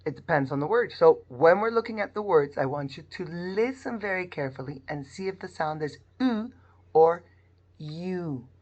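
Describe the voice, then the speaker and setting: A woman's voice: fairly low pitch, lively intonation, moderate pace, highs cut off. A woman teaching a phonics lesson to young children, modelling sounds in a sing-song, exaggerated way. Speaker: primary school teacher.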